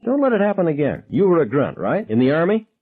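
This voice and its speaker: A man voicing a frantic teenage gunman who shrieks his questions in high, shrill bursts. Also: very animated, fast talker, husky. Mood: shrill, menacing. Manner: high, shrill interrogating shouts. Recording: dull lo-fi sound.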